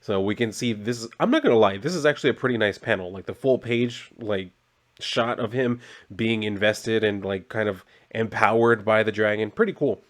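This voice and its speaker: A man's voice: lowish voice, normal speed. Rambling man recapping a comic. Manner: rambling, with filler words and asides. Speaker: comic book reviewer.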